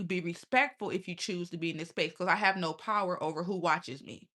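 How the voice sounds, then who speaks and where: A woman's voice: on the low side, brisk, few pauses, sharp tone. A young adult woman talking casually and bluntly on a livestream, often profane and laughing. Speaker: live streamer.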